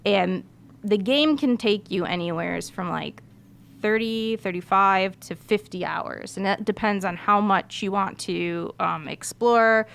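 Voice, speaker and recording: A woman's voice: medium pitch, a little slow, gravelly, fairly bright tone, smooth. A woman game reviewer in casual podcast chat, talking chattily with many fillers.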